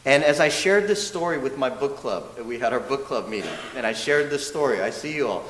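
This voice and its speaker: A man serving as a minister's assistant gives a dharma talk, telling a story in a lively, self-mocking way and acting out what people said. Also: mid-range voice, a little fast. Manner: lively, self-mocking storyteller who often laughs and acts out quotes. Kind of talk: storytelling sermon. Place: church hall. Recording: echoey hall with faint hiss.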